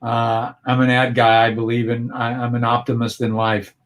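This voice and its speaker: A man's voice: medium pitch, monotone, normal speed, a bit bright. A man guest on a video-call interview, telling a personal story in an earnest, reflective way with frequent restarts.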